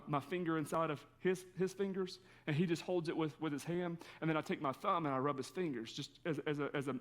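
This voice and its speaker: A man's voice: on the high side, fairly bright tone. A male pastor giving a conversational sermon, telling a personal story in an earnest way.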